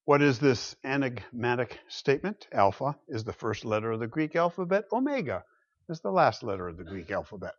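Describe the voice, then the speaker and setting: A man preaching a sermon, emphatic, swinging between loud exclamations and quiet low asides. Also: very animated, fairly quick, dull audio.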